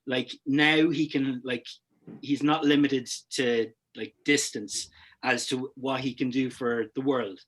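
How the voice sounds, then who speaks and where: A man's voice: mid-range voice, fairly even intonation, slow pace. Man rambling in a casual video chat. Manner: rambling, many fillers and restarts. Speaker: podcast co-host. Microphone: video call.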